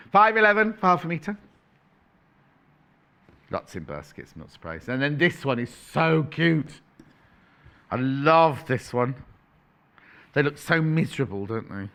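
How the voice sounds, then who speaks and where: Male shopping host, bright upbeat tone, very animated pitch, chatty playful sales patter. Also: measured pace, long pauses. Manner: chatty, playful, self-correcting, reads out prices. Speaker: shopping channel presenter.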